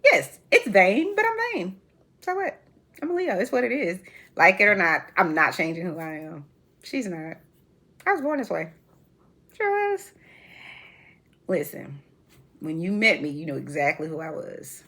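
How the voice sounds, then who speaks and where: A woman in her forties hosting a reality TV commentary chat, sassy and animated, laughing often as she talks. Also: on the low side, a little slow, long pauses. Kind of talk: casual chat.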